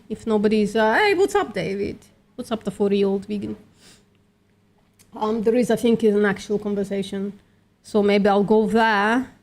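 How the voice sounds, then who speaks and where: A woman's voice: mid-range voice, darkish tone. A woman hosting a live stream, debating bluntly and swearing, calling people sweetie. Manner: blunt, argumentative, swears, calls others sweetie. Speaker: streamer, vegan activist.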